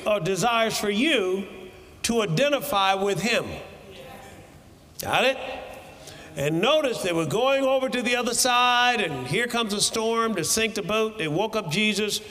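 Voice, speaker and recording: Man, preacher, sermon, high lively voice, shouted bursts, echoey hall. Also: a little slow.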